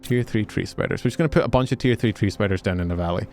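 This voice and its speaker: A man's voice: on the low side, racing, darkish tone, faint music behind. A Scottish man streaming a game, chatting casually with his viewers, joking and swearing freely as he plays. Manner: chatty, joking, swears freely, talks to chat while playing.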